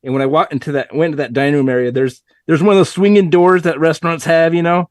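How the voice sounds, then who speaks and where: A man's voice: a little high, fairly even intonation, quick pace, no room sound, clean studio sound. A man hosting a podcast, telling a story animatedly and acting out quotes. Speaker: podcast host. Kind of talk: casual storytelling.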